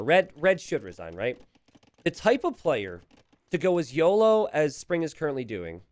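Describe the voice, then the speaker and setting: A man commentating a recorded strategy game match, animated and chuckling, calling out to the players. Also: mid-range voice.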